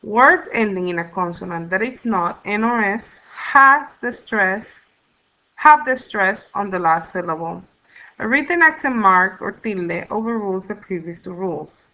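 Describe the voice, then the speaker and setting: A woman gives a recorded lesson, laying out grammar rules step by step in a patient, deliberate teacher's voice. Her tone is bright and forward, and the recording sounds dull and lo-fi. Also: mid-range voice, animated. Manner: slow, clear teacher's explanation, sounding out syllables. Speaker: Spanish teacher.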